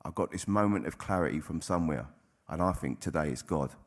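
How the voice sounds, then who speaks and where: A man's voice: a bass voice, lively intonation, a little fast. A man giving a candid personal testimony to an audience, speaking bluntly and swearing freely. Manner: blunt, plain-spoken, with frequent swearing. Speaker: recovering addict sharing at a convention.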